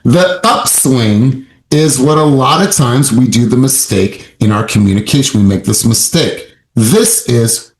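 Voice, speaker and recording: A male sales coach delivers his session in an emphatic, motivational way, repeating key points for effect. His voice sits at an ordinary middle pitch. The room around him rings with noticeable echo. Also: a little slow, few pauses. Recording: roomy echo.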